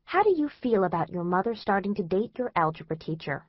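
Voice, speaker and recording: A woman's voice: medium pitch, very animated, a little fast, no echo, lo-fi sound. A woman reading as an overly attentive psychoanalyst parent who keeps probing a teenager's feelings. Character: prying psychoanalyst parent of a friend.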